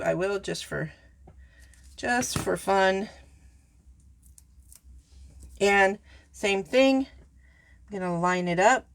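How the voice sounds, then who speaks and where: A woman giving a casual card-making tutorial, chatty and self-correcting, talking straight to her viewers as she works. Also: mid-range voice. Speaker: papercraft demonstrator.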